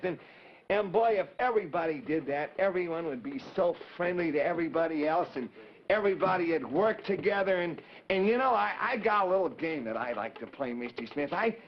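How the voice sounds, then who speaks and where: A man's voice: high voice, slight background noise. A man voicing a cheerful, eager boy puppet who stammers and chatters earnestly. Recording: dull 1950s TV broadcast audio.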